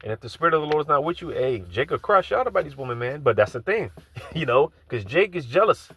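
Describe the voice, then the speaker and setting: A man's voice: a little high, very animated, fast talker, creaky, husky, muffled recording. A man giving an informal live sermon, loose and conversational, repeating phrases and filling gaps with asides. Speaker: preacher.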